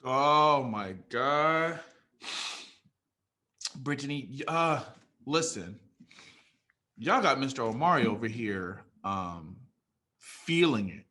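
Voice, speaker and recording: An effusive man emceeing a poetry showcase, speaking at a middle pitch. He sounds moved and warmly encouraging, with sudden cheers and whoops. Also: expressive, slow pace, long pauses. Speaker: host. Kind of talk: emcee at an online student poetry event.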